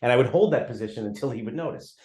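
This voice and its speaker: A man's voice: medium pitch, lively intonation, very fast, mellow. A man co-hosting a podcast in casual chat, blunt and teasing as he tells stories. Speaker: podcast co-host.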